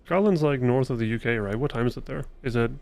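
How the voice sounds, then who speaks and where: While playing a video game on a live stream, a man chats casually and somewhat profanely with viewers, drifting from one thought to the next. His voice is medium-pitched, quick, and a little mellow.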